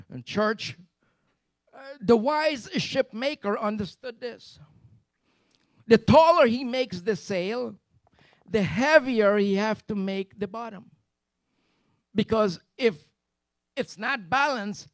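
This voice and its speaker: A man preaching a fervent sermon to his church, building to loud repeated refrains. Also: high voice, dry recording. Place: church service.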